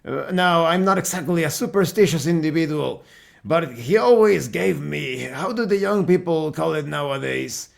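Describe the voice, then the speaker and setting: A man playing a courteous, halting old veteran. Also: fairly high pitch, animated, vocal fry. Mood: hesitant. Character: polite, hesitant old male veteran.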